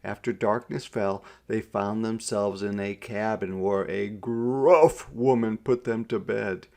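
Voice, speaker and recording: Gravelly-voiced man narrating a picture book, unhurried. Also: lowish voice, steady tone, a little mellow. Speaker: storybook reader. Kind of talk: read-aloud narration.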